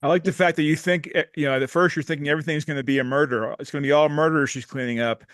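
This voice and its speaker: A man's voice: a little high, fairly even intonation, very fast, a bit bright, no echo, studio quality. A man taking part in an acting workshop discussion, eager and thinking aloud as he goes. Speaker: actor in a workshop. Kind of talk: casual group discussion.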